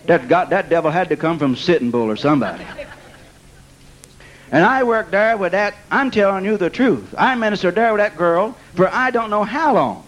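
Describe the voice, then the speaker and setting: A man's voice: high-pitched, moderate pace, poor audio. A man preaching a sermon, telling a testimony and peppering it with amen and bless God. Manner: animated testimony, laughing at his own story. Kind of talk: storytelling sermon.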